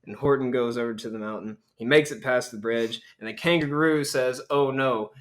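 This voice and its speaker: A young man casually recapping a film on a podcast, rambling and joking as he quotes the characters. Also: medium pitch. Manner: rambling, jokey storytelling with quick character quotes. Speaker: podcast co-host.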